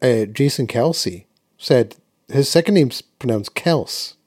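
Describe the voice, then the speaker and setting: A man's voice: medium pitch, lively intonation, slow, darkish tone, breathy edge. A man hosting a sports podcast, asking easygoing questions and steering the chat. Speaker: podcast host.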